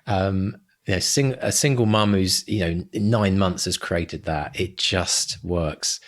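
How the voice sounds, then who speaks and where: Male podcast co-host, middle-aged, excitable, rallying the listeners. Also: sits low, unhurried. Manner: enthusiastic, gets louder and louder. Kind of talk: casual podcast chat.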